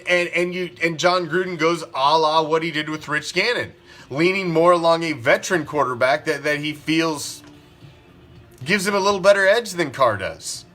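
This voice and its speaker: A man's voice: fairly high pitch, sharp tone. A man hosting a sports talk show, ranting profanely and firing off rhetorical questions. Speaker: sports podcast host.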